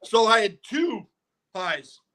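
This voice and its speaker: A man co-hosting a casual podcast, talking excitably in laid-back slang. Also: high-pitched, takes it slowly. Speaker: podcast co-host.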